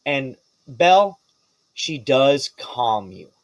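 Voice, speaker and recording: A man's voice: medium pitch, very animated, very slow, no echo. A man running a tabletop game as game master, rambling with many restarts and frequent laughs.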